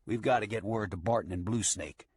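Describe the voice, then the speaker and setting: A man voicing a calm, scheming outlaw leader who gives firm orders in an audiobook. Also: lowish voice, brisk, slightly rough. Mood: commanding. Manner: firm, commanding.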